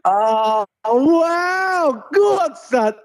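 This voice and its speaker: A man calling in by phone, excited, quick and sweary about the match. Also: very high voice, no room sound. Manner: buzzing, rapid, sweary. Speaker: phone-in fan caller. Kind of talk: excited football chat. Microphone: phone call.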